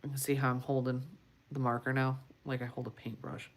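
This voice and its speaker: A woman artist talking viewers through a marker drawing on a casual livestream, unhurried and encouraging, often muttering asides under her breath. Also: extremely low pitch, little pitch movement. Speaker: comic artist streaming a marker demo. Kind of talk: casual livestream art tutorial.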